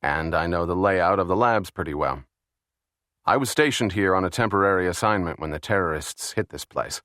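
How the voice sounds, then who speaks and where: A man reading the lines of a calm, wry male scientist in measured speech in an audiobook. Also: sits low, no room sound, studio quality. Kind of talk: audiobook character voice.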